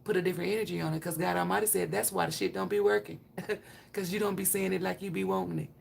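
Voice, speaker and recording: Low, gravelly-voiced woman reading tarot. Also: steady tone, fast talker, a little hiss or hum. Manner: blunt, profane, chatty; talks straight to viewers. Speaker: tarot reader. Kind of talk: casual live-stream tarot reading.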